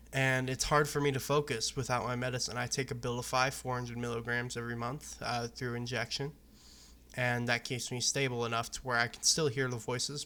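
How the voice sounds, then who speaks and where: A young man from Arizona talks straight to camera in a loose, rambling vlog, cursing freely as he goes. His voice is bright and edgy, and it stays on an even, level pitch with little rise and fall. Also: smooth. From Arizona, USA. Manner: candid, loose, profane, rambling. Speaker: vlogger. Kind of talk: casual personal talk to camera.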